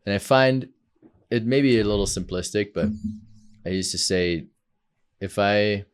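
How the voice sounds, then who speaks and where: Low-voiced reflective man, earnest podcast guest. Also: unhurried, smooth. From South Africa. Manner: earnest and reflective, many "like" fillers. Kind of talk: casual conversation.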